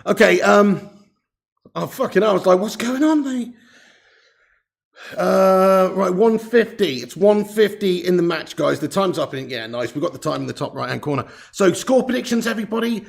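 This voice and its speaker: Brief: male streamer hosting a football watch-along, gravelly and excitable, casual and sweary. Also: sits high, moderate pace. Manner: excitable and chatty, casual swearing, greets chat viewers.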